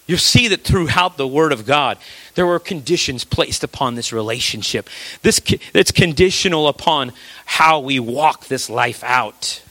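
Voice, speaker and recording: A man preaching a sermon in a conversational way, with rhetorical questions and a habit of dropping low and quiet for emphasis. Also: lively intonation, unhurried, no echo. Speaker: pastor.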